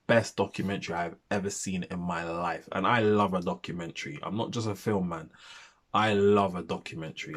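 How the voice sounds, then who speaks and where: A man's voice: lowish voice, fairly bright tone, husky. A man in his thirties chatting casually in a video review, rambling and repeating himself for emphasis. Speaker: film reviewer.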